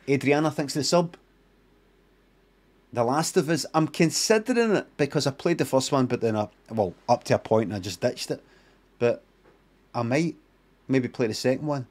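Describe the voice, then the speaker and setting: A man's voice: mid-range voice, normal speed, a little mellow. A middle-aged Scottish man streaming live, reacting to a trailer with sarcastic, sweary ranting.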